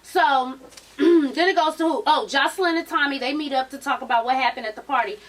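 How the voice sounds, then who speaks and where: Woman, high-pitched, sassy vlog recap, profane gossip, slightly distant mic. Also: fairly quick. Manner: sassy, animated gossip with a lot of swearing. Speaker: vlogger recapping a reality show. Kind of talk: casual, profane show recap.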